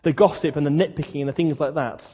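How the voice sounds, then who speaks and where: A man's voice: on the high side, fairly even intonation, fast talker, dark tone, breathy edge. A man preaching a sermon, talking conversationally and asking the listeners many questions. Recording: dull lo-fi sound, long hall reverb.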